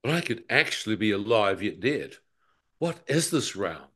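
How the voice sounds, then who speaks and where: A man giving an animated, slangy personal testimony as a guest. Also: on the low side, moderate pace, breathy edge. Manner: animated storyteller, acts out his own thoughts, slangy. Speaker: guest telling a near-death testimony.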